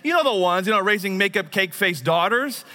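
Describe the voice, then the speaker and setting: Bright-voiced storytelling pastor, a man. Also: high-pitched, animated, brisk. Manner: conversational storytelling, self-deprecating. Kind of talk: sermon.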